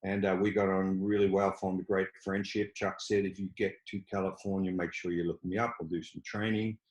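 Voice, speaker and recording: An older Australian man chatting as a guest over a video call, dry and teasing in a measured way. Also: low-pitched, flat delivery, a little mellow, reverberant, rough recording. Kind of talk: casual video-call chat.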